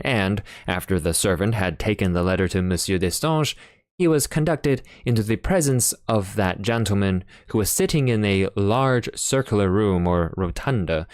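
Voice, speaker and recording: A man's voice: fairly low pitch, dry recording, studio quality. A man narrating an audiobook in a plain reading manner. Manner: plain reading with occasional fillers and restarts.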